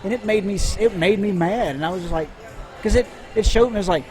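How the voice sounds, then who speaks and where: A man's voice: sits high, fast. A man in his thirties co-hosting a podcast, telling rambling stories in casual chat. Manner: rambling storyteller, animated. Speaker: podcast co-host.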